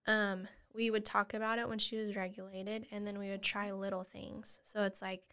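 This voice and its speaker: A woman guest on a podcast, earnestly explaining how she supports children, often acting out gentle words to a child. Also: mid-range voice, little pitch movement, moderate pace, clear, resonant tone. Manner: earnest, acts out gentle parent dialogue. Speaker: guest, family therapist. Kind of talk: casual interview chat.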